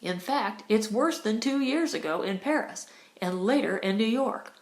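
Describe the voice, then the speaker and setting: A woman reading an audiobook, voicing a young, brawny Western man with a lower, husky voice and a mild, teasing manner, in a roomy, echoey recording. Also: lively intonation, moderate pace. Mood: wry. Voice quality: deeper and husky. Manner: mild, teasing and half sad. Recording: roomy echo.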